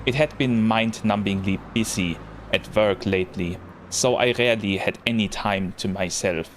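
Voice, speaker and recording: A man's voice: on the low side, normal speed, natural voice. A man voicing a weary, overworked man in his late twenties, reading narration in a put-on heavy foreign accent, with noise in the background. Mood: weary, reflective. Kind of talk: reading visual novel narration.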